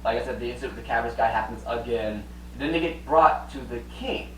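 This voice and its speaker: A man's voice: medium pitch, quick pace, a bit bright, far from the mic. A man co-hosting a podcast, recapping a cartoon in a rambling, laughing casual chat. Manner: rambling, laughing retelling with voices. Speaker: podcast co-host. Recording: roomy, away from mic, faint hum.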